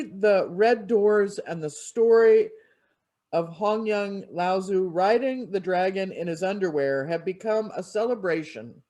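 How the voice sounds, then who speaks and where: A minister preaching a sermon in an expressive storytelling manner. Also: medium pitch.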